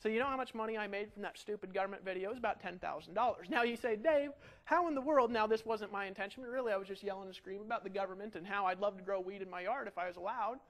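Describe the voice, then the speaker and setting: High-pitched, fast-talking man teaching. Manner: animated and ranting, full of rhetorical questions. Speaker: online marketing instructor. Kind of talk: energetic webinar lecture.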